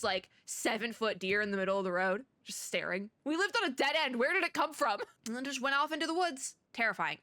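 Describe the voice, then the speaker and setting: Bright-voiced chatty woman gamer. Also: medium pitch, no room sound. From Michigan. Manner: chatty, laughs often, wanders into stories. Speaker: gaming content creator. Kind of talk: reading a game story aloud with commentary.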